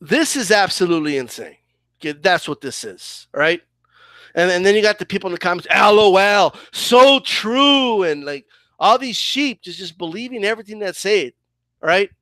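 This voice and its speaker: A man rants about boxing in a fired-up voice and keeps asking "okay?" and "right?". His voice is high and bright. It sounds dry and close. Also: animated, fairly quick, no room sound. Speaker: boxing commentator. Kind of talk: heated opinion rant.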